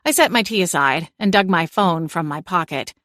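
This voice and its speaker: A woman giving an expressive first-person audiobook narration into a studio microphone. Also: lowish voice, moderate pace, no echo.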